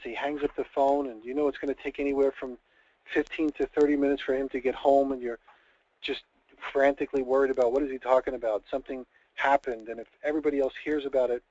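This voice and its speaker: A man's voice: medium pitch, no echo. A man running a conversational sales training call, talking casually and acting out little scenarios with drama. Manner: chatty, acts out scenarios dramatically. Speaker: network marketing trainer. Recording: dull dry lo-fi call audio.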